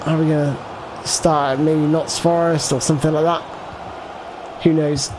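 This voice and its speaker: A man's voice: on the high side, steady tone, normal speed, noisy background. Rambling gaming streamer, man. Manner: rambling, thinks aloud, reads out viewer chat. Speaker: gaming livestreamer. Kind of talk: casual live gameplay commentary.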